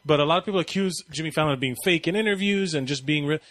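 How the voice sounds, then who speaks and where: A man's voice: fairly high pitch, rapid-fire, a bit bright, dry recording. A man chatting casually on a podcast, rambling and swearing, acting out quoted lines as he tells stories.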